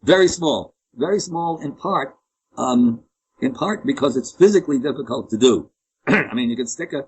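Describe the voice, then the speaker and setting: A man's voice: medium pitch, expressive, normal speed, slightly rough, rough recording. A man giving an opinionated, rambling interview, often restarting his sentences. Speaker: interview guest. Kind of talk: conversational interview.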